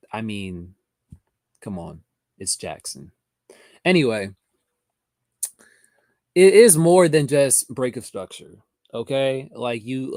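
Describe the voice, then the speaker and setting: A man talks viewers through a live trading lesson in a relaxed, chatty way, answering questions from the chat as they come in. His voice has a gravelly edge. The sound is dry and close, with no room echo. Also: mid-range voice. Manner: chatty, addresses viewers directly, reads chat comments aloud. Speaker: trading educator hosting a livestream. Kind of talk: casual livestream teaching, answering chat.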